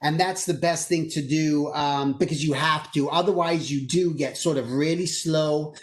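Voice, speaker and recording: Energetic man giving a career talk. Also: a little high, moderate pace. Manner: energetic, conversational, acts out quoted dialogue. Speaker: guest presenter.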